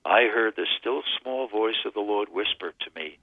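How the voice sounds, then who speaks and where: A man's voice: on the low side, moderate pace, few pauses, no echo. Earnest man on a tinny phone line. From Connecticut. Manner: earnest storyteller. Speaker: radio guest. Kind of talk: telling a personal testimony.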